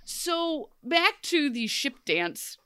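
A woman's voice: sits high, drawn-out words, no room sound, clean studio sound. A woman co-hosting a podcast, casual and joking, telling a story with lots of asides. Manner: chatty, joking, animated storytelling. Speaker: podcast co-host. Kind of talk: casual chat.

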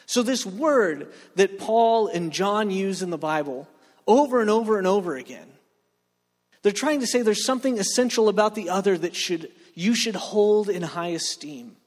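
A man's voice: high voice, animated, moderate pace. A man preaching a joking sermon, talking with the room and asking for reactions. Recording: long hall reverb.

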